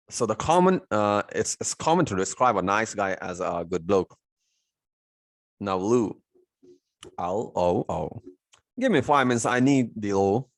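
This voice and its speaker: Male tutor, lowish voice, self-answering teaching questions. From India. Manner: repeats "means what?" and answers himself, many "you know" fillers. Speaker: English teacher. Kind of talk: recorded lesson explaining vocabulary.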